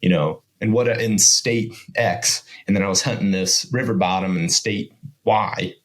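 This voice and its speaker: Guest spot: deep-voiced man, laid-back rambling talker, filler-heavy. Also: measured pace. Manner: rambling, relaxed, many fillers like "you know" and "kind of". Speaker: podcast guest. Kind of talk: casual chat.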